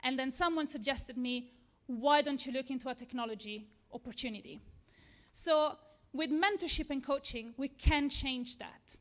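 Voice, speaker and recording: Italian woman, pretty high voice, earnest and a bit nervous, talking to a room at a tech event. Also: normal speed, a bit bright. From Italy. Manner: earnest, nervous, self-deprecating. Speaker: tech talk speaker. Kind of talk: conference lightning talk. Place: event room with a live audience.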